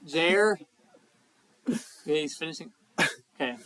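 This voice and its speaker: A man's voice: fairly high pitch, slow pace, a bit bright, clean tone. A man hosting a podcast in casual chat, joking and laughing often. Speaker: podcast host.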